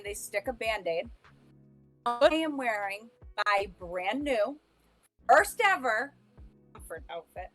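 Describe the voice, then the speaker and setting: A woman's voice: on the high side, expressive, slow pace, pauses often, a bit bright, faint music behind. A woman co-hosting a podcast, telling her own stories in casual chat, rambling with restarts and laughing at herself. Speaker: podcast co-host.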